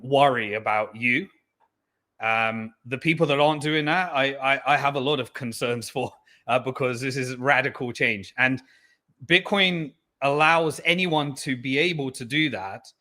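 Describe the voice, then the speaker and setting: Guest guy on an interview, bright sharp voice, lots of ums, earnest. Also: mid-range voice. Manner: earnest, fills pauses with um. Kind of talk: candid interview talk.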